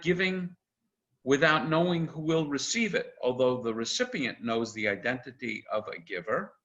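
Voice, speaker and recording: An older man teaches an informal class in a bright, forceful voice, chatty and animated, quoting texts with plenty of "uh"s. The sound is dull and lo-fi, like audio from a video call. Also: mid-range voice. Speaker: rabbi teaching an intro class. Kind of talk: informal lecture.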